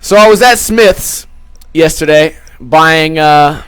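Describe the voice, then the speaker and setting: A man's voice: on the high side, slow, fairly bright tone, clean tone, no echo. A young man hosting a podcast, telling a rambling, crude story full of swearing and acted-out quotes. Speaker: podcast host. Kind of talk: casual storytelling.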